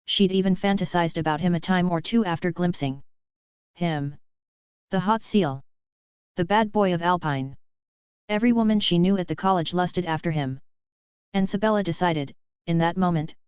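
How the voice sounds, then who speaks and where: A woman reads a romance audiobook in a measured, unhurried storytelling voice. Her tone is strikingly clean and slightly low, with a dry, close sound. The recording is a little muffled. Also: clear, resonant tone, no echo. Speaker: audiobook narrator. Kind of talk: scripted romance narration.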